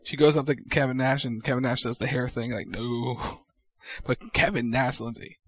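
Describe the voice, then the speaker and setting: A man co-hosting a wrestling recap podcast, talking in an easygoing, agreeable way with quick asides. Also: medium pitch, fairly even intonation, slightly rough. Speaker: podcast co-host. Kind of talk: casual wrestling recap chat.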